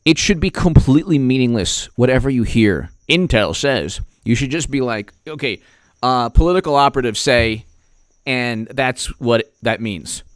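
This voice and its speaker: A male political commentator who rambles and jabs sarcastically, often breaking off and restarting. His pitch swings a lot, at a middling level. The sound is dry and close. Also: lively intonation, moderate pace, few pauses, no room sound.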